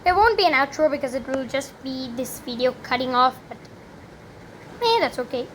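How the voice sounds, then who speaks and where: A young woman giving chatty, rambling commentary while playing a video game, with sudden loud exclamations. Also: high-pitched, lively intonation, normal speed, a little hiss or hum. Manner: chatty, rambling, exclaims loudly when she fails. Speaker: gaming commentator. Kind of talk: live gameplay commentary.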